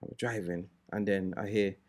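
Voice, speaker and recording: A man hosting a DJ podcast, chatting casually and telling animated stories with laughter. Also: low-pitched, brisk. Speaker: podcast host.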